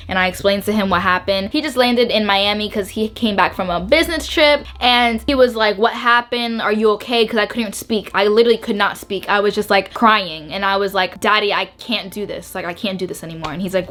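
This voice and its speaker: A woman's voice: medium pitch, a bit bright. A young woman YouTuber telling an emotional storytime to camera, bubbly and emphatic, repeating words and saying "like" a lot.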